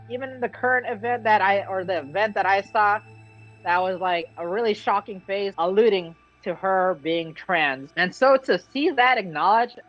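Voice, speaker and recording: Vlogger, excitable and slangy, casual game recap, dull lo-fi mic, soft music under. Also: medium pitch. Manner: excitable, slangy, acts out character quotes.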